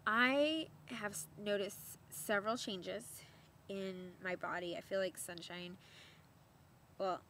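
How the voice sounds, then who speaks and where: A woman's voice: mid-range voice, slow, a little hiss or hum. Chatty young woman telling a story. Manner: chatty, animated, laughs often, repeats words for emphasis. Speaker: vlogger. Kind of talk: casual storytelling to camera.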